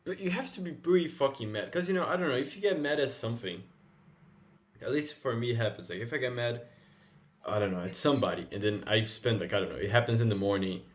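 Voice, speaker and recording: A man's voice: mid-range voice, quick pace. A man chatting casually as a podcast co-host, rambling, swearing and laughing as he talks. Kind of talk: casual chat.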